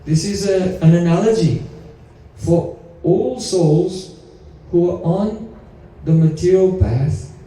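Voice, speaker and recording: A man's voice: high voice, slow pace, pauses often, mellow, distant mic. A man giving a devotional lecture as a spiritual teacher, explaining with stories and rhetorical questions. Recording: very echoey room, voice from afar.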